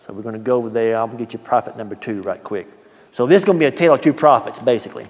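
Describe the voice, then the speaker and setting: A man preaching a sermon, telling a story in a folksy, animated way that swings from hushed asides to loud, emphatic quotes. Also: mid-range voice, racing. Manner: folksy, repeats words at the start of phrases. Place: church sanctuary. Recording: long church-hall reverb.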